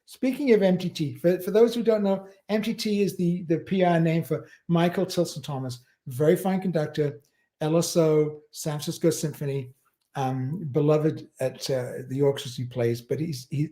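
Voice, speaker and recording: Male host, mellow tone, higher pitch, chatty rambling storyteller. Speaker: livestream host. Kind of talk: casual chat.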